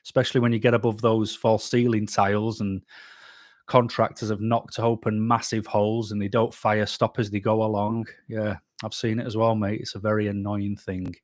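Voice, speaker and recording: A man's voice: on the low side, level tone, normal speed, no echo, clean studio sound. A man hosting a casual live stream, reading out chat comments and answering them bluntly. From England. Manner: blunt, chatty, reads comments aloud then answers. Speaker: YouTube channel host reading live chat.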